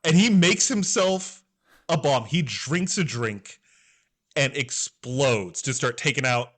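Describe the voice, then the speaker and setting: Animated male podcast co-host. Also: mid-range voice, slow pace. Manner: animated, emotional storytelling. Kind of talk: casual podcast recap.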